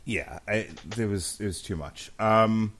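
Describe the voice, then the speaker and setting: A man's voice: lowish voice, unhurried, fairly bright tone. A man in his thirties co-hosting a podcast, chatting casually and telling stories with plenty of swearing and jokes. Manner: profane, storytelling, jokey. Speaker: podcast co-host. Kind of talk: casual chat.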